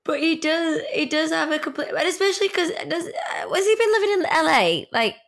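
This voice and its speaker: A woman's voice: extremely high pitch, expressive, fairly quick, gravelly, a bit bright. A woman co-hosting a casual celebrity news chat, reacting with short interjections and questions. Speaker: co-host.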